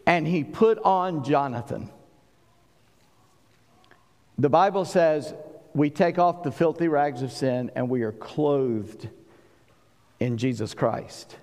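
A man from South Carolina with a Southern accent, preaching a sermon and swinging between booming and hushed delivery. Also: measured pace, in a large hall. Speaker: pastor.

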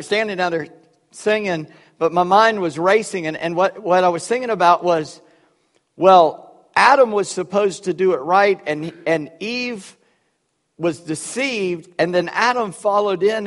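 A male pastor preaching a sermon in a church, animated and conversational, with humorous asides. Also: high-pitched, big-room sound.

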